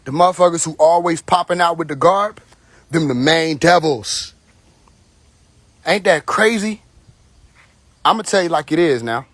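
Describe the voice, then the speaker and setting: A man with a somewhat high voice holds forth on a phone livestream. He rambles, swears freely and talks bluntly, loosened up and a little tipsy. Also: unhurried, long pauses, a bit bright, no echo. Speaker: live stream host. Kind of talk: casual live stream monologue.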